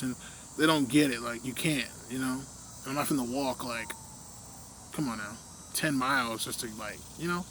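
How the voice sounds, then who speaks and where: A young man in a casual, rambling rant, full of fillers, often trailing off quietly at the ends of his thoughts. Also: mid-range voice, moderate pace, slight background noise.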